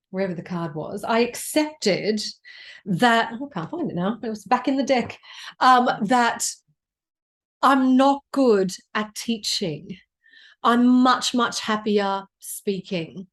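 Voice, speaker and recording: A woman's voice: on the high side, lively intonation, slow. A middle-aged woman from Australia giving a casual, blunt card reading as a psychic astrologer, chatty and swearing freely.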